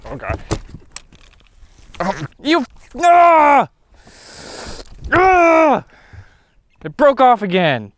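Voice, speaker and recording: A man filming his own fishing trip outdoors on a lake, talking to himself and exclaiming loudly as things go wrong and right. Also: very high voice, very slow, pauses often. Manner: excitable, exclaims and shouts often. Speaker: fishing vlogger. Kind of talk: self-filmed fishing vlog.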